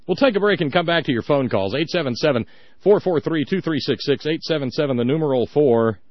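A man's voice: fairly high pitch, lively intonation, a little fast, no echo, muffled recording. Sarcastic ranting male radio talk host. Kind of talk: political call-in radio commentary.

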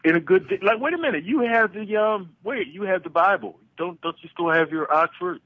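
A man in a casual radio conversation, talking in halting bursts with lots of restarts and excited curiosity, heard over a phone line. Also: high voice, no echo.

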